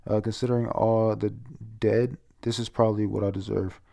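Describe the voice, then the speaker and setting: A man voicing a wounded, remorseful young man in a slow, subdued way, in a manga recap. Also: on the low side, little pitch movement, creaky, warm tone, no room sound.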